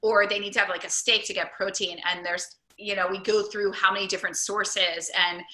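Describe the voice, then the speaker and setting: An upbeat woman coach chatting in a casual interview, her voice bright and sharp. She rushes through ideas in eager bursts, filling gaps with "like". The room around her rings with echo. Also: mid-range voice, little pitch movement. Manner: enthusiastic, talks in quick run-on bursts with many "like"s. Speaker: weight loss program coach and host. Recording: echoey room.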